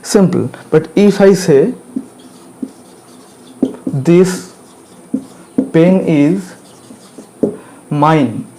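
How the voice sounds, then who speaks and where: Slow, mellow-voiced Indian English teacher. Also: male voice, on the high side, lively intonation, a little hiss or hum. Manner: slow and repetitive, checks in with "okay" and "clear?". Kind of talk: grammar lecture.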